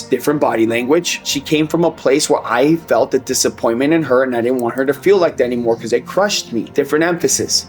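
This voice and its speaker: A man hosting a sales training, energetic and conversational, acting out sales dialogues. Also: mid-range voice. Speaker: sales coach and host.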